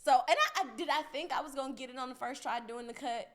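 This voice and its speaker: Animated, profane young woman podcaster. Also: high voice, fast talker. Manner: animated, profane, laughing storyteller. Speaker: podcast host. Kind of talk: casual storytelling chat.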